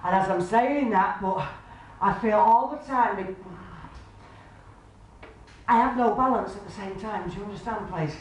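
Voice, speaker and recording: This medium takes her time, speaking unhurriedly with long pauses in a mid-range voice as she does a live spiritualist reading for an audience. She's warm and chatty, calling the sitter love and sweetheart and constantly asking "do you understand, please?" The mic is far away in a very echoey club function room, with faint noise.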